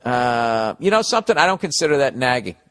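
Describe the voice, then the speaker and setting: A man hosting a comedy podcast, ranting advice in a blunt, profane, animated way. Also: medium pitch, a little fast, dry recording.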